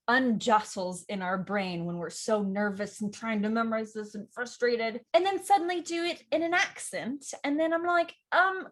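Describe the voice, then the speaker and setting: A young woman hosting an acting channel, giving a chatty, animated tutorial and laughing often. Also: medium pitch. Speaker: acting teacher and channel host. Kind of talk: upbeat tutorial talk to camera.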